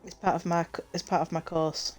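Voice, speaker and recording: A woman's voice: on the low side, level tone, a little fast, soft background music. Chatty woman streaming a game. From United Kingdom. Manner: chatty, rambling, self-correcting. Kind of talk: casual chat while gaming.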